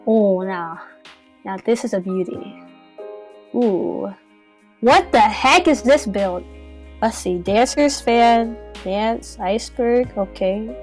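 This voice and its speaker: A woman streamer with a high, bright-sitting voice rattles through game build reviews. She gets excitable and mock-outraged, and soft music plays in the background. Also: slow, pauses often. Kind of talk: live-stream game commentary.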